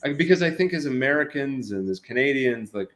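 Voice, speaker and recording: An actor chatting as an interview guest, rambling with many fillers and restarts. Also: male voice, mid-range voice, lively intonation, fairly quick, fairly bright tone, echoey room. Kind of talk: casual interview chat.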